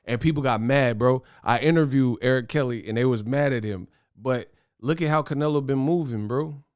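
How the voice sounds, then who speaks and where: A young man hosting a boxing commentary livestream, talking fast in slang, excitable and laughing as he reads viewer chat. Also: mid-range voice, clean tone, no echo, clean studio sound. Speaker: boxing commentary show host.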